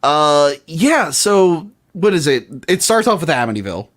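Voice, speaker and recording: A man co-hosting a podcast, talking in a casual, animated way, often laughing and saying "like". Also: fairly high pitch. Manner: animated, quick to laugh, lots of "like". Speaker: podcast co-host. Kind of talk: casual chat.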